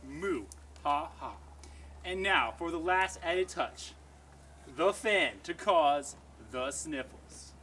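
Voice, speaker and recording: A man voicing a scheming, gleeful glove villain in a homemade puppet skit, drawing out slow, gloating lines. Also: on the high side, lively intonation, pushed and bright, slight background noise, exaggerated voice.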